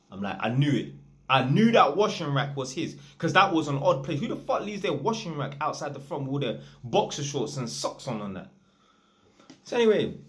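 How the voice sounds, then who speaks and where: Chatty electrician telling a story. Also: male voice, medium pitch, fairly bright tone. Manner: chatty, slangy, rambling asides. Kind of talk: casual storytime monologue.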